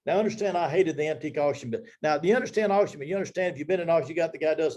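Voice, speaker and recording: A man's voice: fairly high pitch, rapid-fire, a little mellow. A man in his seventies telling a personal career story to his team, acting out the dialogue as he goes. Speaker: business leader speaking to his team.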